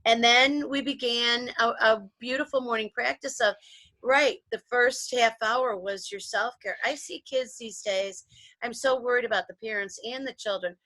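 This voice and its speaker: A woman co-hosting a talk show, reminiscing in a rambling, animated storytelling way with frequent restarts. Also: a little high, normal speed, no room sound. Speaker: co-host. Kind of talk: casual storytelling chat.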